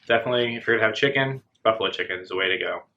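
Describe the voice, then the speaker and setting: A man chatting casually through a meal at home, relaxed and hesitant, with lots of ums and uhs. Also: on the low side, rapid-fire, a little hiss or hum. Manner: relaxed, hesitant, many fillers. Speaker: co-host, guest on the vlog. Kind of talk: casual mukbang chat. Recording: dull lo-fi sound.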